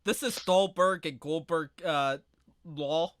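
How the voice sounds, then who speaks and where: A podcast co-host chats casually, telling crude jokes and frequently launching into loud, mock-shouted impressions. His voice sits a bit high, and he speaks slowly.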